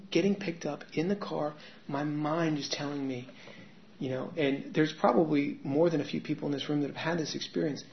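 A man's voice: a little high, gravelly, slight background noise. A man telling his personal recovery story to a meeting in a candid, conversational way. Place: meeting room with an audience. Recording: echoey room, dull lo-fi sound.

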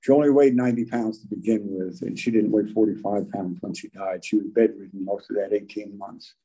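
An older man telling his recovery story at a meeting, folksy and halting, with frequent pauses. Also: on the low side, fairly even intonation, mellow, husky, poor audio. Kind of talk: personal recovery talk.

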